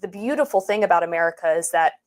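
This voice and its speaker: A woman speaking as a guest on a live political discussion, making her points in a measured, articulate way. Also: on the low side, expressive. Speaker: guest panelist.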